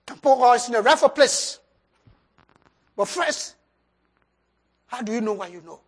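A preacher giving a sermon and altar call, swinging between loud emphasis and soft drops, with loose grammar. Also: medium pitch. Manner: loose, nonstandard English grammar.

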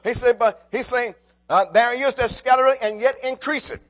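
High-voiced preacher calling out. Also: male voice, normal speed. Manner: calls out to the congregation, rising and falling emphasis. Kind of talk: sermon.

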